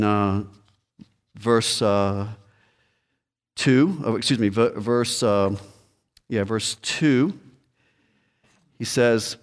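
A man preaching a sermon in a conversational way, reading scripture and talking straight to the congregation. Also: mid-range voice. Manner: conversational preaching, addresses listeners directly. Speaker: pastor.

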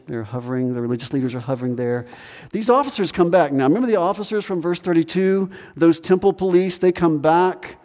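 A man preaching a sermon as pastor, animated, acting out the voices of people in the story. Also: on the high side, in a large hall. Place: church sanctuary.

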